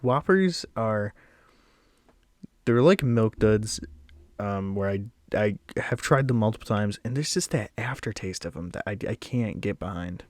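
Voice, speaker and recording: A man's voice: lowish voice, expressive, measured pace, no echo. Laid-back young man with a dry close sound. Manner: rambling and self-deprecating, with blunt verdicts. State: slightly out of breath. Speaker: snack reviewer. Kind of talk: casual solo video commentary.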